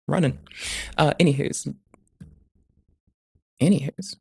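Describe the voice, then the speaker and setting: A live streamer ranting through stream commentary. The voice stays quiet but rushes along, full of swearing and loose asides that wander off. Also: mid-range voice, steady tone, gravelly. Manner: talks quietly and quickly; heavy swearing, rambling asides.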